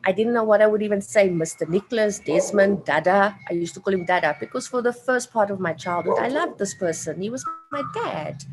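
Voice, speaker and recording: Over music in a low-quality recording, a woman with a mid-range voice talks a little fast with few pauses. She's late thirties or older with a South African accent, an interview guest emotionally and earnestly relating a personal story and repeating phrases for emphasis.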